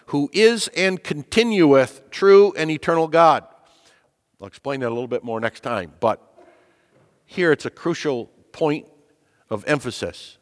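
A man preaching a teaching sermon on a catechism, stressing key words and repeating them, his voice lifting in pitch to drive points home. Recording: long echo of a large hall.

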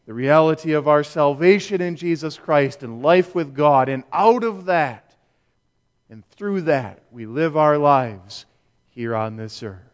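A male pastor preaching a sermon, measured and emphatic, with rhetorical questions. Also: a little high, clean tone. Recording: long reverb of a church hall.

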